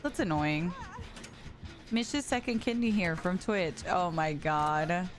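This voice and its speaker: A woman's voice: fairly low pitch, slow pace, music in the background. A young woman streaming a game, chatting casually and reading messages from her chat with frequent giggles.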